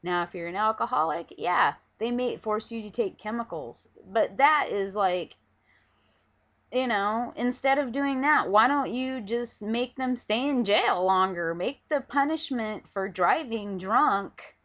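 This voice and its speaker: A vlogger with a fairly high, somewhat bright voice rants angrily into her webcam at home, profane and emphatic, her intonation lively but her pace a little slow. The camera rests on a pillow, and the lo-fi webcam audio sounds dull.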